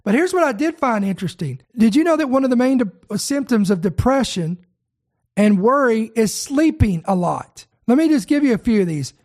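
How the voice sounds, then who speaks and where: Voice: medium pitch, expressive, normal speed, a little mellow. A preacher delivering a sermon, speaking earnestly, repeating key words for emphasis and addressing the listeners directly.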